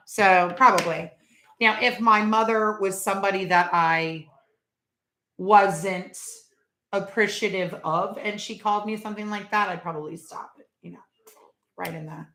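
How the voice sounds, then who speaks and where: A woman's voice: mid-range voice, a little slow, pauses often, sharp tone, echoey room. A middle-aged woman hosting a casual live stream, chatting and rambling and laughing at viewers' jokes.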